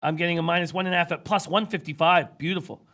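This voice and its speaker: A man with a slightly high, bright, forceful voice talks fast while hosting a sports betting show. His voice is giving out as he reads viewer comments and rattles off stats in casual betting talk.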